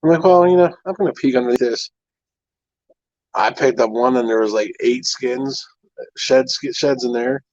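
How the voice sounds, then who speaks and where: A man's voice: mid-range voice, normal speed, pauses often, no echo, lo-fi sound. A man hosting a live stream, chatting casually and telling long stories full of "I'm like" asides. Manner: rambling storyteller, fillers like "I'm like". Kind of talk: casual chat.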